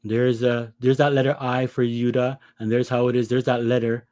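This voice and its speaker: A man's voice: mid-range voice, little pitch movement, normal speed, a little mellow, no room sound. A man preaching an impassioned scripture lesson, pressing his listeners with rhetorical questions. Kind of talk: impassioned religious teaching.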